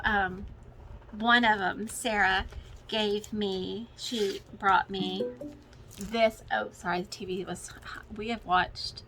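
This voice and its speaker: A middle-aged woman gushes to her viewers in an excitable, filler-filled chat. Her voice is bright and clear, with a faint hum of home ambience behind her. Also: mid-range voice, poor audio. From Texas. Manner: gushing and excitable, many fillers. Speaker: cross-stitch vlogger. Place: home, with children and TV in the background.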